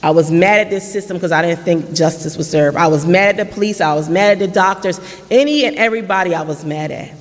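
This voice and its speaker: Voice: medium pitch, quick pace, hardly any pauses. A person in their late thirties giving an earnest personal testimony at a community forum, retelling past conversations in their own voice. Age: late 30s. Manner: earnest storytelling with reenacted dialogue. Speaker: forum speaker. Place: church hall. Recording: long church-hall reverb.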